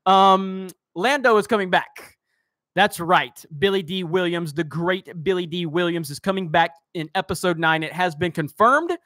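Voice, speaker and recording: A man's voice: sits high, moderate pace, bright, forceful tone, no room sound, clean studio sound. A man hosting a live stream, reading chat comments aloud and ranting heatedly, swearing at trolls. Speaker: host of a live-stream show.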